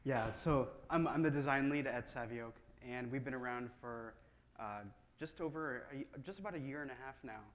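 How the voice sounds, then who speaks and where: A man who is a design lead speaks on a panel in a steady, slightly hesitant way. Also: medium pitch, normal speed. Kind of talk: panel talk.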